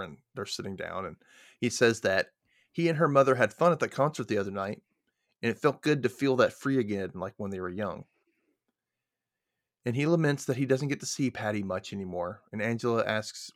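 A man's voice: lowish voice, fairly bright tone, dry recording, studio quality. A man co-hosting a podcast, casually recapping a story and acting out its quoted lines. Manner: chatty, retells scenes with quoted lines. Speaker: podcast co-host.

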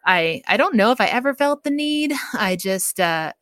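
A woman appearing as a podcast guest tells a personal story in casual conversation, laughing often and acting out what people said in lively voices. She has a medium-pitched voice, a moderate pace, and no room sound.

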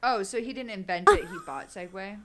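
A woman's voice: mid-range voice, brisk, crowd noise. A woman hosting a podcast, chatting casually, joking and reading quotes aloud. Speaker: podcast host. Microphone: podcast microphone.

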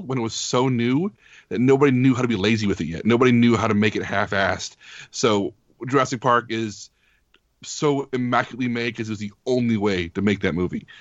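A man's voice: fairly low pitch, no echo, dull audio. A man talking eagerly and casually as a podcast co-host, with many fillers. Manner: enthusiastic, filler-heavy. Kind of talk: casual chat.

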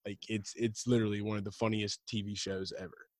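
A man's voice: on the low side, fast talker, dry recording. Laughing, swearing guy telling stories. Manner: animated storyteller, swears, laughs while retelling scenes. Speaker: podcast co-host. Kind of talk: casual chat.

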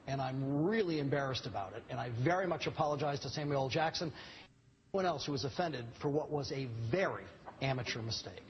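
Man, entertainment reporter, somewhat high pitch, contrite, lo-fi broadcast. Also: a little hiss or hum. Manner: contrite, formal apology. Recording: dull lo-fi broadcast clip.

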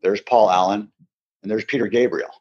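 A husky-voiced man from the Seattle area, appearing as a podcast guest, tells a long, casual anecdote and acts out the voices of the people in it. He speaks at normal speed in a lowish register, and the sound is dull and lo-fi.

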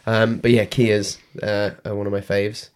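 British dude on a podcast, blunt, swears a lot, slightly low voice. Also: male voice, level tone, measured pace. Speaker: podcast co-host. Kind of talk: casual chat.

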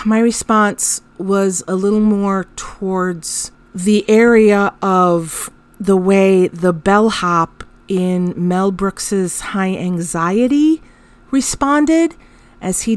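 A woman's voice: medium pitch, takes it slowly, dry recording. A woman in her thirties hosting a podcast, telling a story about her son in a wry, self-mocking way. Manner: wry, self-mocking, animated when exasperated. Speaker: podcast host. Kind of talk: storytelling monologue.

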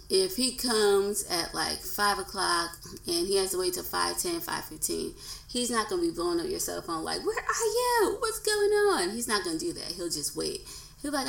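A woman in her thirties talks through her solo podcast in a casual, earnest way. Her voice sits on the low side with a gravelly edge. The room around her mic is echoey. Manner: earnest and conversational, acts out quoted voices. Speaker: podcast host.

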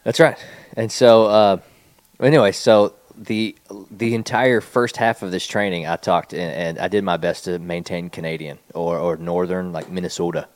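Deep-voiced man telling rambling stories. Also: normal speed, dry recording. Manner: rambling, animated storytelling. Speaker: podcast co-host. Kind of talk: casual chat.

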